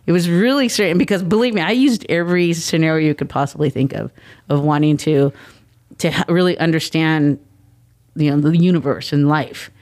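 A middle-aged woman, guest on an interview show, telling family stories in a lively way and acting out the quoted dialogue. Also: deep voice, moderate pace. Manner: animated, acts out quoted dialogue. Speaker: guest, mother of the athlete. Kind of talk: casual interview storytelling.

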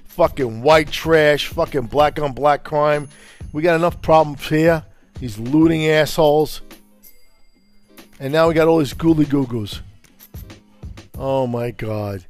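A man from Brooklyn delivers a furious, profanity-laced rant, his voice pitched a little higher than most men's. He talks in a confrontational way, and faint music plays underneath. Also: takes it slowly, long pauses. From Brooklyn, New York. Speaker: podcast host.

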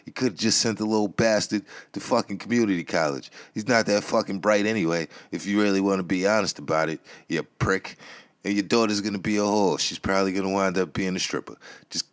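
A middle-aged man rants through a profane comedic podcast segment, hurling insults at imagined callers. His voice sits very low, and the sound is dry and close with no room around it. Now and then he slips into a whiny caller voice to mock them. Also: dry recording. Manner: crude, mocking, insult-laden. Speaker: podcast host.

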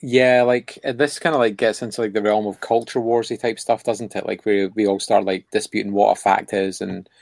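A man with a lowish voice chats on a podcast in a rambling, sardonic way, full of filler words. The sound is dry and close, with no room around it. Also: steady tone, a little fast, gravelly, few pauses, a little mellow, no echo. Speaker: podcast co-host. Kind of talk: casual podcast discussion.

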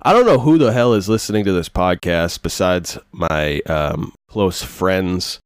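A man's voice: deep voice, lively intonation, measured pace, clean tone, dry recording, studio quality. Profane, rambling male podcast host. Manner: loose, profane, self-deprecating. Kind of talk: casual rambling monologue.

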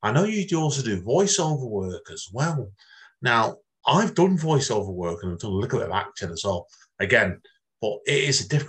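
A man hosting an interview, asking long, rambling questions that repeat themselves. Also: medium pitch. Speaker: podcast host.

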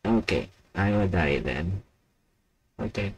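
Slow-talking self-mocking young streamer guy. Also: sits low, lively intonation, breathy edge, no echo, low-quality recording. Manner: rambling, self-mocking, talks to himself. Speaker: YouTuber hosting a live stream. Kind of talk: casual solo live stream chat.

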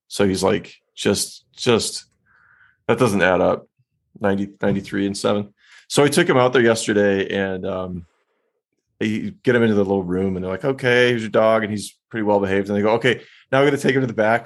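A man co-hosting a local podcast, chatting casually and telling animated stories, voicing his dogs in high squeaky tones. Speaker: podcast co-host. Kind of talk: casual chat.

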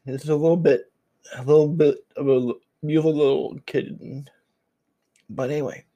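A man's voice: on the high side, fairly even intonation, moderate pace, mellow, dry recording, dull audio. A man hosting an unscripted solo podcast, musing aloud in a reflective, rambling way and getting choked up, his voice trembling. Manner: reflective, rambling with restarts and repeated words. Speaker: podcast host.

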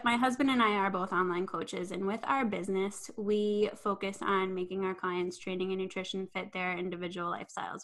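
An upbeat young woman talks as an online fitness coach, encouraging and easygoing, often dropping in "um" and "you know". Her voice sits at an ordinary, mid-range pitch. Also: a bit bright, poor audio. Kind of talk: conversational interview.

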